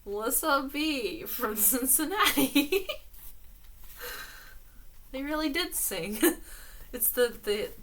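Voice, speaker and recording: A woman's voice: high voice, lively intonation, takes it slowly, pauses often, fairly bright tone, slight background noise. A woman reading letters aloud with commentary, laughing often between lines. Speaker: reader and commentator.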